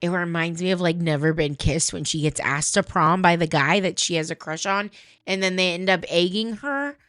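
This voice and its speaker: A woman's voice: on the low side, moderate pace, a bit bright, no echo, studio quality. A woman hosting, commenting casually and chattily, with frequent asides and swearing. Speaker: host.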